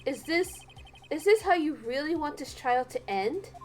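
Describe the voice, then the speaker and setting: A woman voicing a cool, composed male prosecutor with a lowered, measured delivery, as part of a game voice reading. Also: animated. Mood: probing. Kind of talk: let's play voice reading.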